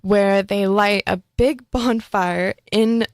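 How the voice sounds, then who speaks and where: A woman's voice: medium pitch, fairly even intonation, slow, no echo. A young woman co-hosting a college radio show in a studio, chatting casually and laughing often. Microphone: studio microphone.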